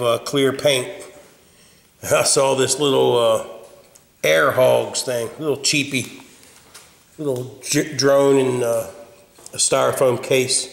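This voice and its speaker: Older male hobbyist, gravelly and unhurried, blunt ranting reviewer, echoey garage. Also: mid-range voice, fairly even intonation. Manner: gruff, ranting and blunt, given to cursing. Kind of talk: casual video review rant. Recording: echoey room with long reverb.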